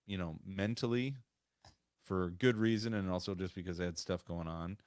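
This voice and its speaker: A man's voice: low voice, steady tone, normal speed, darkish tone, dry recording, studio quality. A man co-hosting a casual podcast over a remote call, talking in a rambling way with many restarts. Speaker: podcast co-host.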